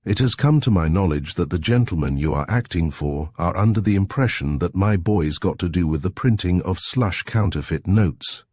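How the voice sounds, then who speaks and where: A man voicing a pushy, ingratiating middle-aged crook who talks loud and emphatic. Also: low voice, lively intonation, moderate pace, few pauses. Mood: wheedling.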